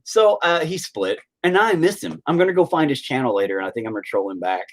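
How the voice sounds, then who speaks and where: Man live streamer, casual chat, crude jokes, lively swooping pitch, sudden loud high yelps. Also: fast, hardly any pauses.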